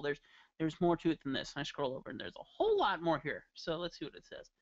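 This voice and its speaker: A caricature artist live-streams his drawing while joking around playfully with viewers. His voice is slightly high, very animated, a bit quick, and fairly bright, with no room sound, though the stream audio is dull and lo-fi.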